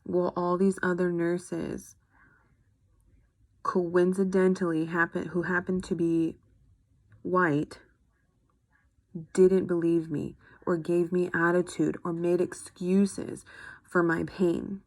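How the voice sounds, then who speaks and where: A woman's voice: on the low side, level tone, takes it slowly, pauses often, a little mellow, no echo. A young woman giving an earnest, frustrated personal video update to her followers. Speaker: vlogger.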